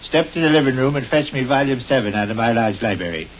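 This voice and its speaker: A man's voice: medium pitch, expressive, fast talker, close to an everyday voice. Male actor as a grandiloquent middle-aged husband, 1930s radio comedy, dull hissy sound. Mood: pompous aggrieved. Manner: grandiloquent, formal wording. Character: pompous middle-aged husband, ornate and solemn. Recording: hissy lo-fi old radio recording.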